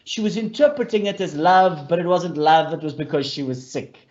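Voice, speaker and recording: Animated man explaining, dull lo-fi sound. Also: on the high side, normal speed. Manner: animated, repeats key points, addresses audience as friends. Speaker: speaker on mental health for leaders. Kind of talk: explanatory talk with storytelling.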